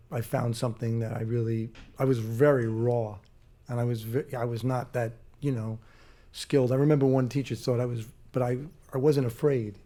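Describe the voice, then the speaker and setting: A man being interviewed on stage as a guest actor, talking in a halting way with many restarts and fillers. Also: mid-range voice, mellow. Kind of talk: casual interview on a live stage. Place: theater stage before a live audience.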